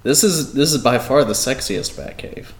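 A man's voice: mid-range voice, moderate pace, slight background noise. A man hosting a podcast, asking eager questions in a casual, enthusiastic interview. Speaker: podcast host.

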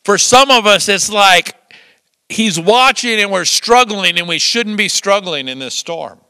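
An older man preaching with a high, bright, forceful voice that rises and falls a great deal. He tells lively stories with chuckles along the way. The sound is close and dry. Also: unhurried, smooth, no room sound. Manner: lively storytelling with chuckles and acted-out quotes. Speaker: pastor. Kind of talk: sermon.

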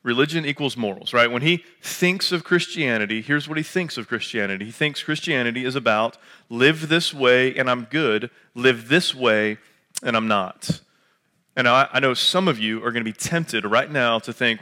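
A man in his late thirties, a pastor, preaching a relaxed, conversational sermon full of jokes and filler words. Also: mid-range voice, moderate pace. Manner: chatty and joking, lots of filler words.

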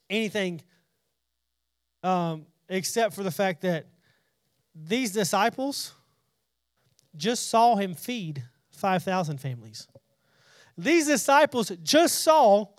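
In a dry, studio-quality recording, a high-pitched man leads a casual Bible study. He talks conversationally, often repeating and restarting words, and paraphrases scripture in everyday language.

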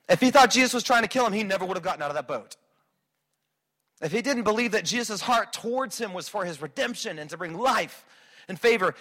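A man preaching a sermon as a pastor, swinging between quiet reflection and loud, driving emphasis. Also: high-pitched.

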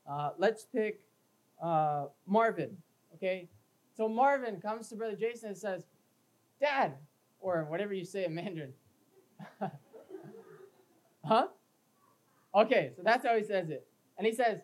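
Male pastor, emphatic sermon delivery, reads scripture, acts out quick scenes. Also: high voice, animated, poor audio. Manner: emphatic, reads scripture aloud in King James wording; acts out everyday scenes with quoted voices.

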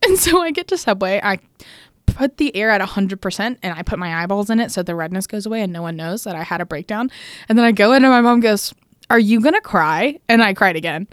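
A woman's voice: medium pitch, quick pace, no echo, clean studio sound. Laughing woman telling a story. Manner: animated, laughs often, acts out quotes. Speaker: podcast co-host. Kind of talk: casual chat, storytelling.

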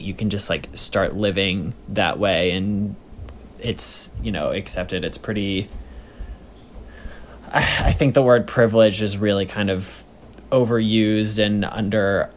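A man's voice: fairly low pitch, a little hiss or hum. A man hosting a casual chat, asking encouraging questions with lots of fillers.

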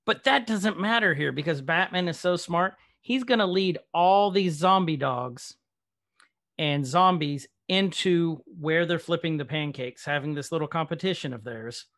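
A man co-hosting a podcast in casual chat, animated and playful, laughing often. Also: fairly high pitch. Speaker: podcast co-host.

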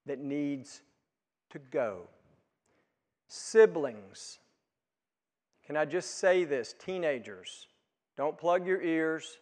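A man preaching a sermon, swinging from quiet, hushed asides up to loud, emphatic peaks. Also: fairly high pitch. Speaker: pastor. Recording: long hall reverb.

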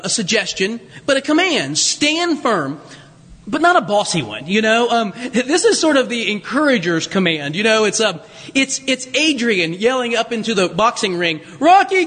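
A man preaching a sermon, telling stories with humor and asides in an animated way. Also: high voice, big-room sound. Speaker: pastor.

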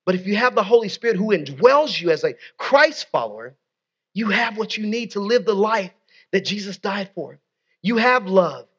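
A man's voice: high-pitched, big pitch swings, moderate pace, fairly bright tone, slightly rough, lo-fi sound. A male pastor preaching a sermon, leading his congregation in call-and-response and dropping in folksy, conversational asides.

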